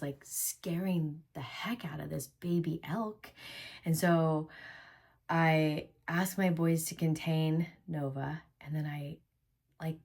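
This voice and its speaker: A woman vlogger telling personal stories in a heartfelt, reflective way, sometimes dropping to a hushed near-whisper. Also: deep voice, gravelly. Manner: drops to a hushed near-whisper at tense moments. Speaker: vlogger, workshop host. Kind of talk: personal storytelling vlog.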